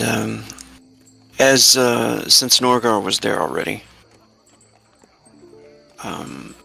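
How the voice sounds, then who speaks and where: A man narrating as game master in an unhurried, hesitant way, with many fillers. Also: lowish voice, vocal fry, bright, forceful tone, breathy edge.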